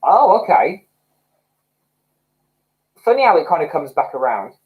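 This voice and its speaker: Male streamer, bouncy, animated pitch, easily excited, reads chat out loud. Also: unhurried, narrow, tinny audio. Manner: excitable, chatty, laughs often. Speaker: livestream host. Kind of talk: casual livestream chat reading comments.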